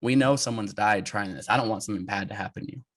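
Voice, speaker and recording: A man in his thirties, a guest telling an adventure story in an interview, animated and laughing as he goes. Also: fairly low pitch, fast. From United States.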